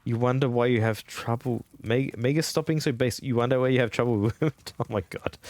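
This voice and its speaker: A man's voice: mid-range voice, moderate pace, a little mellow, dry recording. An Australian man streaming a game, chatting casually with viewers, rambling, laughing often and swearing freely. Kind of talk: casual live-stream chat while gaming.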